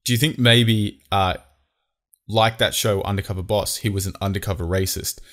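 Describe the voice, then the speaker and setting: A man's voice: on the low side, fairly even intonation, normal speed, fairly bright tone. A young Australian man co-hosting a podcast, joking and swearing freely in casual banter. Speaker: podcast co-host. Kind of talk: casual chat.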